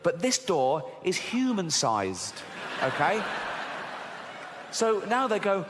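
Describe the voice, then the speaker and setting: A middle-aged man doing a stand-up comedy routine on stage, animated and laughing at his own jokes. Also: high voice, slow pace, background noise. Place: large theater stage with a live audience. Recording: live hall recording with long reverb.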